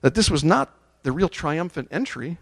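A man preaching with a somewhat high voice that climbs to loud, ringing peaks on scripture. He reads verses aloud and leads the congregation in call-and-response chants. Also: very animated, normal speed, vocal fry, slightly rough. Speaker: pastor. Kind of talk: sermon.

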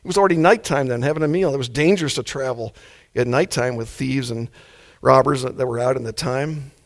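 A calm, gentle man gives a sermon with an easy feel yet a brisk delivery. His voice is pitched in an ordinary middle register for a man.

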